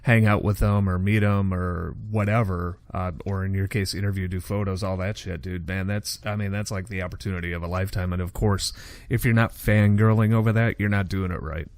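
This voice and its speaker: A man's voice: deep voice, steady tone, fairly quick, no room sound. A man hosting a podcast in casual chat, laid-back, swearing freely and calling people "dude". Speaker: podcast host.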